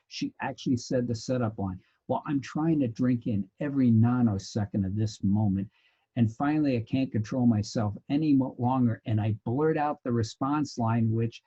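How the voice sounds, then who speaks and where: A man's voice: mid-range voice, moderate pace, slightly rough, muffled recording. A man teaching a sociology lecture, telling anecdotes. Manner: animated storyteller, bursts into loud laughter. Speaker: sociology instructor.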